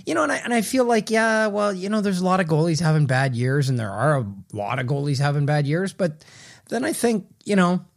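With a high, creaky, expressive voice and a slightly fast pace, this man co-hosts a hockey podcast as a hockey writer. The casual chat is loose and rambling, full of restarts and self-corrections.

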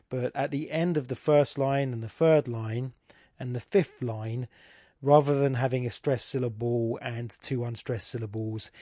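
A man's voice: medium pitch, a little mellow, dry recording, studio quality. A man hosting a podcast, analysing a poem in a rambling, self-deprecating casual way, with many restarts. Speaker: podcast host.

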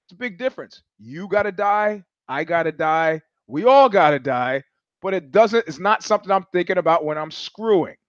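A man's voice: high voice, moderate pace, no echo, highs cut off. Sardonic New man telling stories. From New York. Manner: profane, sardonic, animated storyteller who acts out voices. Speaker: podcast host. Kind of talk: casual monologue, storytelling.

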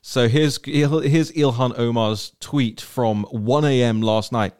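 A man hosting a casual political podcast. He talks in an animated, joking way and speeds up in rapid bursts. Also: medium pitch, clean tone. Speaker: podcast host.

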